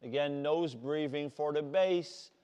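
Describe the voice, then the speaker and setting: Energetic Dutch man coaching a workout. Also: on the high side, measured pace, smooth. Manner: energetic, shouting encouragement. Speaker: fitness coach. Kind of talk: leading a workout class. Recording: long hall reverb.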